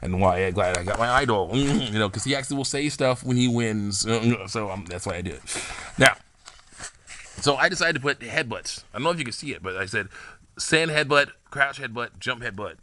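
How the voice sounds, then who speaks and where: A man's voice: mid-range voice, lively intonation, brisk, sharp tone, slight background noise. A young man casually rambling about the game characters he makes, laughing often and restarting his sentences. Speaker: hobbyist game-character maker.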